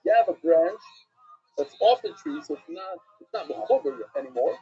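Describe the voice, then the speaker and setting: A man's voice: sits high, animated, normal speed, mellow, soft background music. A man from Brooklyn with a New York accent teaching an informal Talmud class, rambling with conversational asides. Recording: dull lo-fi recording.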